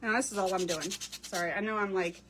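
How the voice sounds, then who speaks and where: A woman's voice: mid-range voice, fast, a bit bright. A woman chatting casually while she crafts, answering viewers as she works. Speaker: craft creator. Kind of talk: casual crafting livestream chat.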